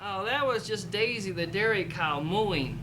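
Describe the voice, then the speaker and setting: A man speaking as a farmer who presents to children, cheerful and animated, explaining farm animals outdoors. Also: high-pitched, measured pace, very noisy. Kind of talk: scripted children's educational presenting.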